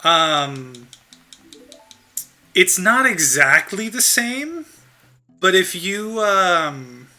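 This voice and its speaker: A man's voice: sits high, sing-song, drawn-out words, long pauses, bright, forceful tone, faint music behind. A man streaming a video game, chatting casually and answering chat in a rambling way with frequent ums.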